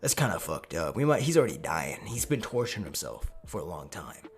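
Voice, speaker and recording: A man's voice: low-pitched, big pitch swings, a little fast, soft background music, voice pushed down. A man voicing an overpowered, callous young male ninja who talks in a laid-back, crude, dismissive way. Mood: casual.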